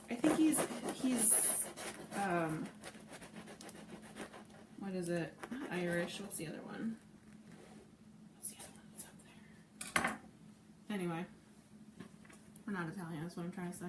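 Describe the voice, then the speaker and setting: A woman's voice: fairly high pitch, recorded from a distance. Woman, middle-aged, live home cooking chat, scattered and talkative, echoey kitchen, background noise. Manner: chatty and scattered, talks while cooking. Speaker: home cook hosting a live cooking stream. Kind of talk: casual live cooking chat reading viewer comments.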